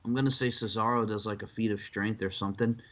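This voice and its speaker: A man co-hosting a wrestling podcast in casual chat, animated and profane, often breaking into shrill mocking voices. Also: quick pace. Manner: animated, swearing, jumps into shrill mocking impressions. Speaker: podcast co-host.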